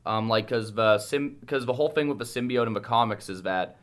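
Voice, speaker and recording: A man's voice: mid-range voice, fairly quick, fairly bright tone. A man on a podcast giving opinionated, explanatory views about films and comics. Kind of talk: casual film chat.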